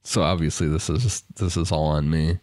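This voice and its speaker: A man's voice: extremely low pitch, steady tone, moderate pace, a little mellow, no echo, studio quality. A man co-hosting a podcast, easygoing and chuckling as he talks in casual banter. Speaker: podcast co-host.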